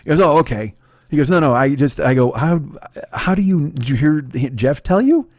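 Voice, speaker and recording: A middle-aged podcast host tells a casual story, rambling, cursing, laughing at himself, and restarting again and again. He speaks in a fairly high, animated, slightly mellow voice at a moderate pace, captured in a dry, clean studio recording.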